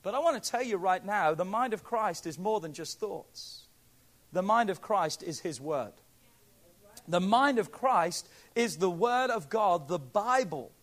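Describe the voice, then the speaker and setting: A man preaching a sermon as pastor, emphatic and pleading, swinging from quiet asides to near shouts. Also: high voice, lively intonation, unhurried.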